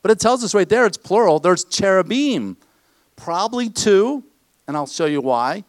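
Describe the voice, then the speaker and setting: A man's voice: high voice, animated, moderate pace, dry recording. A man preaching a conversational sermon to his congregation in a church, often asking them questions. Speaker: pastor.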